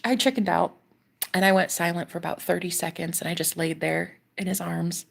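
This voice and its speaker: A woman vlogger casually telling a personal story to her viewers, animated and swearing, often dropping into a whisper. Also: lowish voice, fairly quick, gravelly.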